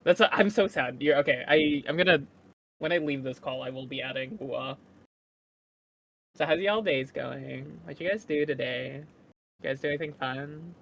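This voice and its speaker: A guest co-streamer chatting casually on a voice call, excitable, laughing easily and sometimes yelling. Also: medium pitch, vocal fry, a little hiss or hum. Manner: excitable, quick to laugh and yell.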